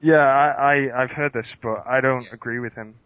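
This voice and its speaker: A man's voice: medium pitch, fairly even intonation, moderate pace, no room sound. A man co-hosting a podcast, chatting casually in a skeptical, teasing way. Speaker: podcast co-host. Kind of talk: casual chat. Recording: dry, dull lo-fi sound.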